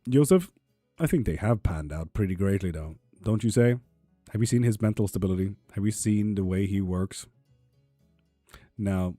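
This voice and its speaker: A man's voice: deep voice, mellow, dry recording. A man chatting casually on a live tarot stream, reading viewers' comments aloud and swearing freely. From Sweden.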